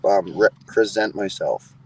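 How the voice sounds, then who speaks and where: A man's voice: deep voice, measured pace, slightly rough, no echo, rough recording. Rambling man full of fillers and crude jokes. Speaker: live stream panel guest. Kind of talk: casual chat.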